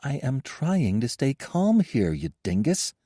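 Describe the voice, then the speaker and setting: A man's voice: medium pitch, sing-song, a little fast, dark tone, no room sound, studio quality, pitched above the performer's own voice. A man voicing a young woman adventurer who solves puzzles, teasing but nervous under pressure.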